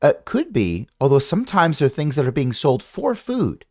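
A man's voice: a little high, wildly swooping pitch, normal speed, warm tone, no room sound, clean studio sound. A man running a tabletop game as game master, rambling and correcting himself with wry asides.

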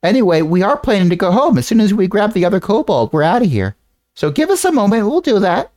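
A man's voice: sits high, very animated, fast, a little mellow, no echo, clean studio sound, pitched above the performer's own voice. A man doing a pompous mock-innocent creature. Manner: mock-serious, playful punning.

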